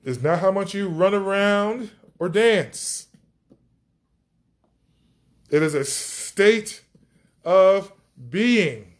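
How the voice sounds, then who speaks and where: Slow, enthusiastic man preaching. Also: high-pitched, animated. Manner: enthusiastic, drawn-out emphasis on key words. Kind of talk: podcast teaching on scripture.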